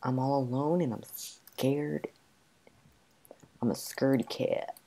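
A man's voice: medium pitch, fairly even intonation, slow, warm tone. Frantic young man narrating gameplay. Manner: frantic, talks to himself. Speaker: gamer. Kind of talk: gameplay commentary.

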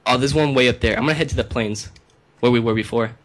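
A man's voice: medium pitch, fast. A young man co-hosting a casual gameplay chat, laid-back and teasing his friend. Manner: laid-back, teasing, says "dude" often. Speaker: gaming channel co-host.

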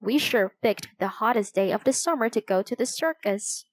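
A woman's voice: medium pitch, expressive, moderate pace, no room sound, natural voice. A woman reading the part of a teasing, hungry young boy in a storybook, with a lazy, joking delivery.

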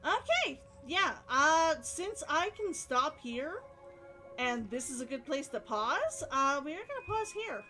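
Chatty lady streamer talking to chat while she plays, high voice that bounces all over. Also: sing-song, slow, bright, forceful tone, faint music behind. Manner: chatty, talks to viewers while playing, reads dialogue aloud. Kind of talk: casual game-stream chat.

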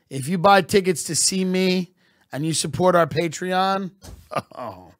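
A man hosting a podcast, delivering a deadpan mock-patriotic comedy monologue. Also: sits high, slow pace, a little hiss or hum. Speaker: podcast host.

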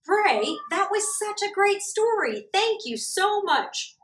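A woman teaching a church preschool lesson, asking small children slow, encouraging questions. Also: extremely high pitch, very animated, fairly bright tone. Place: church room. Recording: echoey room, mic far off.

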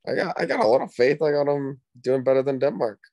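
A man's voice: mid-range voice, expressive, quick pace, dark tone, no room sound. A man giving laid-back, brief answers as a guest on a casual football podcast.

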